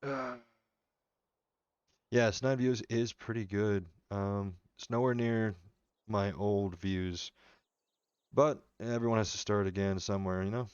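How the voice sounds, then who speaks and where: A man's voice: on the low side, fairly even intonation, slow, long pauses, darkish tone, smooth, no echo, lo-fi sound. A man streaming a strategy game live, chatting casually and rambling with his viewers as he plays. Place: home room.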